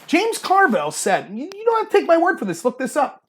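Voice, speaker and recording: A male livestream host with a high voice that swings widely in pitch. He argues his point in a running monologue and slips into mocking put-on voices when he quotes others. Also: huge pitch swings, a little fast, a bit bright. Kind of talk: political commentary monologue.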